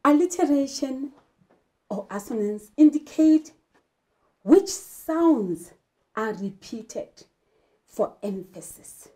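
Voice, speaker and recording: A South African woman teacher delivers an English literature lesson in class, speaking emphatically and posing rhetorical questions. Her voice is fairly high-pitched and warm.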